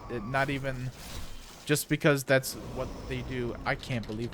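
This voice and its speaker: A man's voice: medium pitch, fairly even intonation, moderate pace, fairly bright tone, a little hiss or hum. Rambling Midwestern man streaming a game. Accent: Midwestern American. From South Dakota, USA. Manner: loose, rambling and chatty. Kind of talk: casual chat while gaming.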